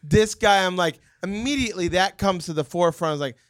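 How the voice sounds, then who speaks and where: A man hosting a podcast, telling a story in casual chat, animated and acting out the voices in it. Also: sits high, fast, dry recording, studio quality. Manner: animated, acts out quoted voices, laughs often. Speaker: podcast host.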